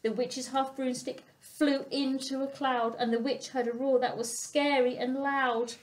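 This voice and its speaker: Slow expressive woman reading to children. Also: high voice. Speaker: family centre storyteller. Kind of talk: reading a picture book aloud to young children.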